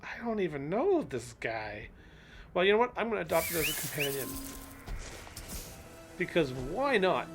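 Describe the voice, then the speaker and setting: A man's voice: fairly high pitch, sing-song, moderate pace, pauses often, over music. A man hosting a live game stream, chatting casually and cooing at in-game animals as he plays.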